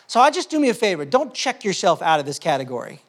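A male pastor with a notably high voice preaches a sermon in a loose, conversational style, full of fillers and restarts. Very animated and fast-talking, he swings impassionedly between soft, confiding asides and loud, fervent bursts.

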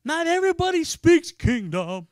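A man preaching, telling a story in an animated way and acting out the people in it. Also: very high-pitched, moderate pace, no room sound, clean studio sound. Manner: animated storyteller, acts out quoted voices. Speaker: pastor. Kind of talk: sermon storytelling.

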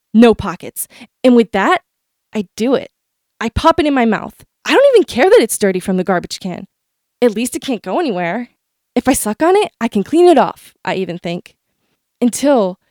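A woman's voice: a little high, no echo, studio quality. A woman telling a personal story from her childhood in a vivid, dramatic way.

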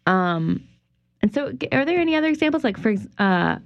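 A woman from New Orleans hosting a casual interview, chatty and lively, often laughing. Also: a little high, a little fast, vocal fry. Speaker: podcast host. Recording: dry, dull lo-fi audio.

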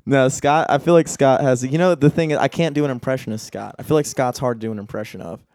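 A young American man chatting casually and swearing a lot, telling animated stories with frequent laughter. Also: medium pitch, fast talker, no room sound, studio quality. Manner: laughing, profane, animated storyteller. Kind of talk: casual chat.

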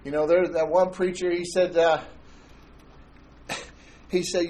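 A man's voice: fairly high pitch, level tone, takes it slowly, pauses often, darkish tone, poor audio. A man preaching a sermon in church, conversational and joking, telling anecdotes. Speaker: pastor.

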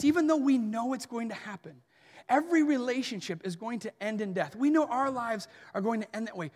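A man in his thirties delivers an earnest sermon in a high voice. He drops soft and rises forceful as he preaches. A long hall reverb trails his words. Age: 30s. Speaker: pastor.

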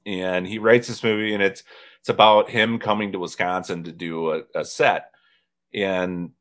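A man's voice: low-pitched, fairly bright tone. A man in his thirties from northern Indiana, hosting a casual chat and telling rambling stories with frequent laughs. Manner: rambling storyteller, laughs often. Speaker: podcast host.

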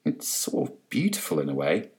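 A man voicing a transfixed, dreamy male police officer, speaking softly. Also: a bass voice, wildly swooping pitch, moderate pace, pitched below the performer's own voice, exaggerated voice.

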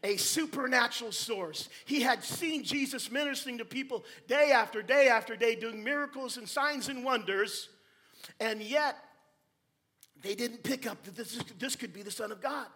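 A man delivers a sermon to his congregation, moving between hushed asides and shouted emphasis and mixing in playful jokes and wordplay. His voice is very high-pitched, and he speaks at a normal speed.

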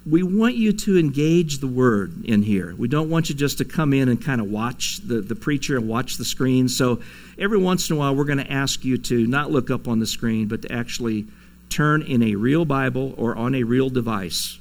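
A man's voice: mid-range voice, lively intonation, moderate pace, gravelly. A man preaching a sermon to his congregation, in a conversational way, chuckling now and then and acting out quoted lines. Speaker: pastor. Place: church sanctuary.

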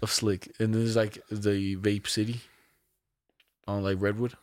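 A man's voice: fairly low pitch, level tone, unhurried, no room sound, clean studio sound. A young man hosting a casual podcast, telling a story in a rambling, slangy and profane way with lots of fillers. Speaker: podcast host.

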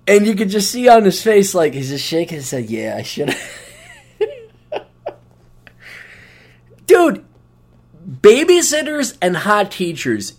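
A middle-aged man hosting a podcast, delivering a crude comedic monologue, mocking people with put-on quotes and getting loud when worked up. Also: on the high side. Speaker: podcast host.

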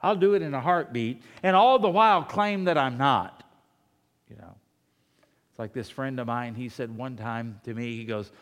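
A male pastor preaching a sermon, firing off rhetorical questions and swinging between soft asides and loud emphasis. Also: mid-range voice, normal speed, in a large hall.

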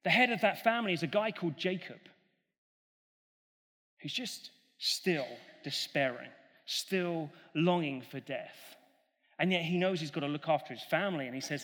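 High-voiced preacher in a reverberant hall. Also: male voice, normal speed. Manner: animated, acts out the characters' voices. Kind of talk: sermon storytelling.

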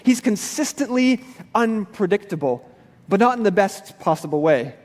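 A man's voice: sits high, lively intonation, normal speed, a little mellow, big-room sound. A male pastor giving a sermon in a church, casual and conversational with everyday slang. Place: church sanctuary.

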